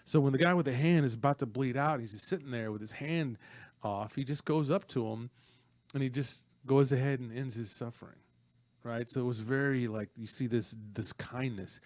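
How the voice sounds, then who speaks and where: A man co-hosting a casual film talk, retelling a fight scene with lively energy and playful asides. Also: medium pitch, normal speed, no echo. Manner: animated storyteller, acts out movie lines. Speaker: podcast co-host.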